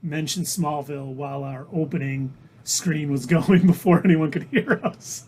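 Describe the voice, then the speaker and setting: Male livestream co-host, relaxed and chatty. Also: a little high, moderate pace. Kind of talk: livestream chat.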